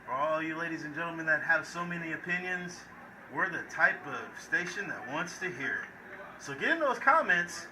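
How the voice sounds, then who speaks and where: A man's voice: on the high side, expressive, moderate pace. A man doing play-by-play commentary for a college football game, hyped and playful, talking straight to viewers, recorded at a stadium. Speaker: play-by-play announcer. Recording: echoey, distant mic with crowd noise.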